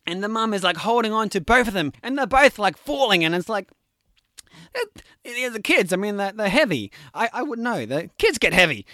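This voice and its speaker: High-voiced man rambling through a film plot. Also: normal speed, no echo, studio quality. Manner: rambling, animated retelling with many "like" and "you know". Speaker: podcast talker recapping films. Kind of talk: casual chat.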